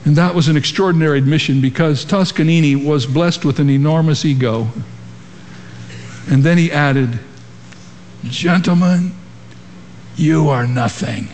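A male pastor delivers an emphatic sermon, slightly high in pitch, asking his congregation rhetorical questions. His voice trails off into the long reverb of a large sanctuary, with a faint murmur of the room underneath. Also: normal speed, a little mellow, slight background noise.

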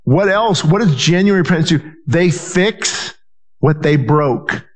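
Male pastor, sermon delivery, earnest, repeats himself, voices quoted people, fairly high voice. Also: expressive, slow. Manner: earnest, repetitive, restarts phrases, acts out quoted voices.

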